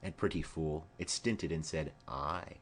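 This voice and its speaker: A man's voice: a bass voice, a little slow, husky, voice pushed down, full character voice. A man reading the part of a fond, chattering elderly nurse in an audiobook of a play, rambling through long stories. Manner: rambling, digressive storytelling.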